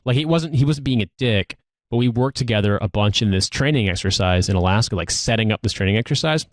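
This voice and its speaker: A man's voice: fairly low pitch, lively intonation, fast talker, no echo, clean studio sound. A man in his thirties, an army veteran co-hosting a podcast, telling stories casually with many restarts and trailing asides. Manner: rambling storyteller, frequent restarts.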